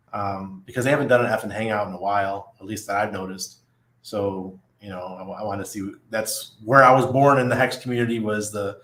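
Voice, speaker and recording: Middle-aged man, casual livestream host, lowish voice, chatty, echoey room. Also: a bit bright, slight background noise. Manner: chatty, laughs often, reads viewer comments aloud. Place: apartment above a busy nightlife street. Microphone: studio mic at desk.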